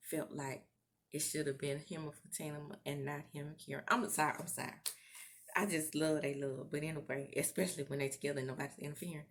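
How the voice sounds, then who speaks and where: A woman's voice: deep voice, a little hiss or hum. A woman recapping a TV episode in a casual vlog, laughing and acting out the characters' lines as she retells the scenes. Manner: animated, laughing, acts out quotes in character. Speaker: TV recap vlogger.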